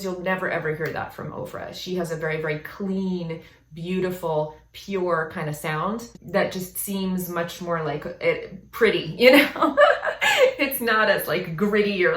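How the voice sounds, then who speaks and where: A woman's voice: on the low side, a bit bright. A woman vocal coach giving casual reaction commentary, explaining singing in a chatty way and often checking in with "right?" and "you know?". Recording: echoey room.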